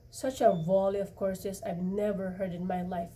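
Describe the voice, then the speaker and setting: Woman reading a novel aloud, mellow. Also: mid-range voice, level tone, recorded from a distance. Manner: halting, with restarts and slips. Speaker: reader.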